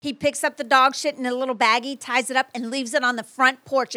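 High, bright-voiced woman co-host. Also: steady tone, fast, hardly any pauses. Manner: complaining, blunt, profane. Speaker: podcast co-host. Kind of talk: casual chat.

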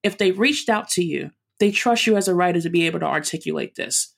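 A woman with a New York accent, a runner and chef, telling her story as an interview guest in an animated, emphatic way with quick restarts. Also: on the low side, creaky. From New York City.

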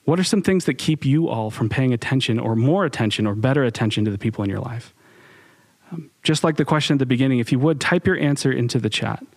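A man's voice: mid-range voice, animated, fast, a little mellow. A young man speaks candidly to a live chat audience in a mid-range voice. His talk is loose and personal, with ums and restarts as he thinks aloud. He sounds like someone reflecting with an online group.

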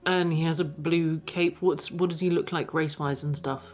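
Woman player, cheerful, playful, lowish voice, faint music. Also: fairly even intonation, normal speed, a little mellow. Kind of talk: playing a tabletop game in character.

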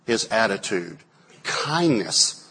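A man in his forties, a pastor preaching a sermon, telling stories and acting out quotes with sudden loud bursts. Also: lowish voice, sing-song, takes it slowly, gravelly, breathy edge. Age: 40s.

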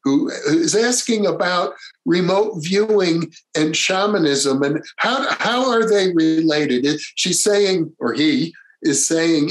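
Man, interview host, unhurried, somewhat high voice, gentle and measured. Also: rough recording. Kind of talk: interview hosting, reading viewer questions.

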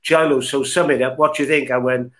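Bright-voiced man telling fond stories. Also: medium pitch, steady tone, fast talker. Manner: chuckling, fond storytelling. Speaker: guest, former broadcaster. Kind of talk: casual chat.

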